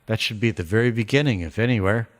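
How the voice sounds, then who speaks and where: A man talks fast in a fairly low voice as he casually works through his mixing session on a live stream. He rambles and thinks aloud with a self-deprecating streak, while faint music from his mix plays in the background.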